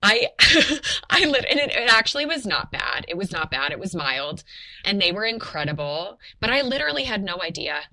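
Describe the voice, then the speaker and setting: Bright-voiced young woman telling her story. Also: medium pitch, normal speed, rough recording. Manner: animated, many fillers like "like", laughs often. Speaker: podcast guest telling her birth story. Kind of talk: casual personal storytelling.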